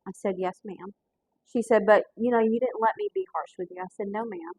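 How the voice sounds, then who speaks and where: A woman's voice: fairly high pitch, very animated, fast talker, a little mellow, husky, no echo, rough recording. A woman, a pastor hosting a cooking show, telling a heartfelt story in an earnest, folksy way while fighting back tears. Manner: earnest, folksy, with frequent restarts and fillers.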